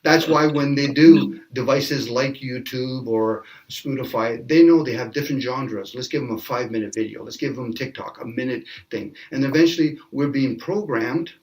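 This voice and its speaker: A man's voice: mid-range voice, moderate pace, hardly any pauses, a little mellow. A man in a casual speculative panel discussion, talking animatedly, acting out little quoted exchanges and laughing often. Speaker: panel guest. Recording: distant from the mic.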